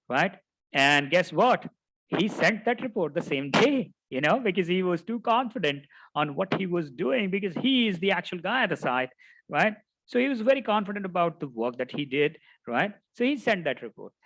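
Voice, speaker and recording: A man's voice: on the high side, fairly bright tone, no echo, poor audio. A middle-aged man, a project management instructor, teaching through a story and often tagging his sentences with "right?". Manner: anecdotal, tags sentences with "right?". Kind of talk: storytelling lecture.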